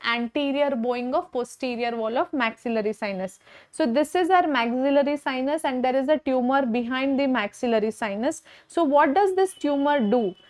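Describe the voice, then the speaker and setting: A young woman with an Indian English accent giving an online exam-prep lecture, encouraging and repeating key points, mixing in Hindi. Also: high-pitched. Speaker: medical lecturer.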